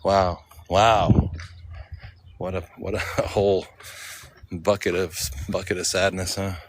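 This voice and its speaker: A man with a fairly low voice rambles as he strolls through a sunny cemetery, thinking aloud and posing questions to himself as he goes. His casual vlog talk is recorded outdoors, and clear clicking noise sits behind it. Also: level tone, slow pace, low-quality recording. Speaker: vlogger. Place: outdoor cemetery in full sun.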